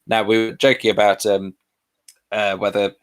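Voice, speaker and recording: A man runs a live revision lesson, his voice sitting fairly low. He talks in a chatty, easygoing way and laughs off his own doubts about how to say names. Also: level tone, moderate pace. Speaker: revision session presenter.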